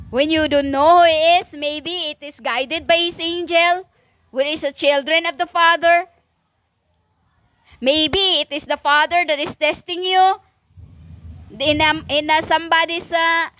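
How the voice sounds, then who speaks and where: Woman, stern lecturing preacher; very slow, halting delivery, bright tone. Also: high voice. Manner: stern and lecturing, slow with many pauses and fillers. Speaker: self-styled preacher. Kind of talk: impassioned spiritual monologue.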